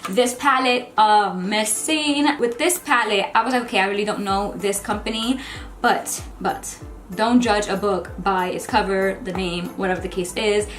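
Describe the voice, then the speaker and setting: A woman's voice: mid-range voice, fairly even intonation, normal speed, fairly bright tone. A woman vlogger unboxing beauty products and trying them on, chatting casually and gushing over each item. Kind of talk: casual unboxing and makeup try-on. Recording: echoey room with faint music.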